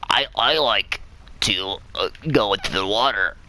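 A man's voice: on the low side, pushed and bright, slight background noise, poor audio. A man putting on a stammering goofy troll boy. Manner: stuttering, halting and silly. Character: stammering goofy young male internet troll.

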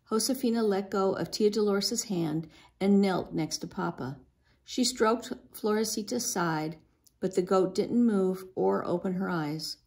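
A woman reading a children's book aloud in a gentle, expressive way. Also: medium pitch, a little slow, gravelly. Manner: gentle, expressive, lifts her voice for a young girl's lines. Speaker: storybook reader.

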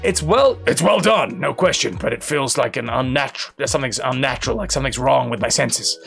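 A man voicing a skeptical male soldier in a lowered, subdued voice. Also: fairly quick, gravelly, faint music behind. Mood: doubtful. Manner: low, subdued, flat.

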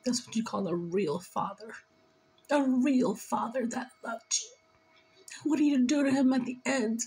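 A tearful woman speaks through an emotional spiritual reading, her voice pitched high. She talks slowly and earnestly, pleading and scolding by turns. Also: warm tone, slightly rough, rough recording. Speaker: spiritual reader.

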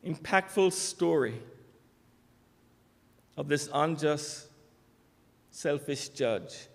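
A man's voice: on the high side, expressive, extremely slow, gravelly. A man preaching a sermon, emphatic, with rising declarations. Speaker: pastor. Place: church sanctuary. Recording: church sanctuary with long reverb.

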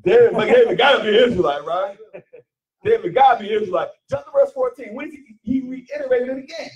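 A man's voice: very high voice, fast talker, recorded from a distance, rough recording. A man leading a call-and-response Bible lesson, emphatic and questioning, often repeating his phrases. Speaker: teacher leading Bible study.

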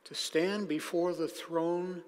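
Male preacher, fairly high voice, deliberate and emphatic, long reverb of a big hall. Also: steady tone. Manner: emphatic, slows down to stress key phrases. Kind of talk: sermon.

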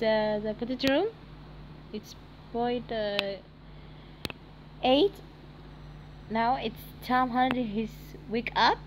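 A young woman from Egypt streaming a game, talking haltingly with many fillers and shrieking in surprise. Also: a little high, highs cut off, background noise. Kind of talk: live game commentary.

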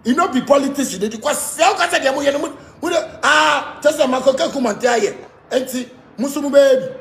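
A Ghanaian man ranting loudly on a live stream, mixing pidgin and local words and often shouting. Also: very high-pitched, normal speed, gravelly, reverberant. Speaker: musician speaking to fans. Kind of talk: animated live-stream rant.

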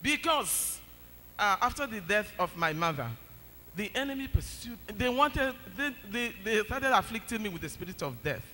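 A man gives his testimony to the congregation. His voice is high and bright, and he speaks emphatically but stumbles over fillers. The church's long reverb surrounds him. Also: sing-song, moderate pace, a little hiss or hum. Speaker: church member giving testimony.

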